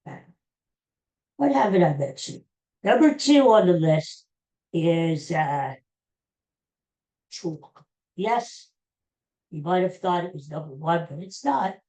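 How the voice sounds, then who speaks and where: A woman's voice: fairly low pitch, warm tone. An older woman hosting a podcast, chatting in a rambling way and repeating herself. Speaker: podcast host. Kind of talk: casual chat.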